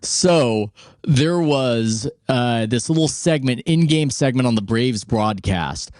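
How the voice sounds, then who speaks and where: A man's voice: mid-range voice, lively intonation, slow, darkish tone, dry recording, studio quality. A man hosting a podcast, talking sports in a rambling, conversational way. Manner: rambling, conversational, self-interrupting. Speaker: podcast host. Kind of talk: casual sports chat.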